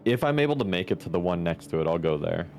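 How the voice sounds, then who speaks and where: A man's voice: sits low, expressive, fast talker, darkish tone, soft background music. A man playing a tabletop game, talking through rules in a matter-of-fact way. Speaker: player. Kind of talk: casual tabletop play.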